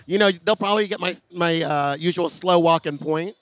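A man's voice: fairly high pitch, normal speed, fairly bright tone. A man co-hosting a podcast at an outdoor pool party, camp, crude and playful. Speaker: podcast co-host, drag performer.

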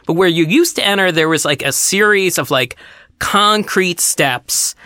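A woman's voice: unhurried, no echo, clean studio sound. A woman co-hosting a podcast, telling a long story in casual talk and acting out the people in it. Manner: animated storyteller, acts out other people's voices with big pitch jumps. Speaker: podcast co-host.

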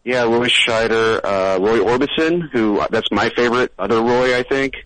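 A man's voice: medium pitch, moderate pace, fairly bright tone, dry recording, rough recording. A man from New York calling in to a radio show, polite and a little apologetic. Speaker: caller. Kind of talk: phone-in chat.

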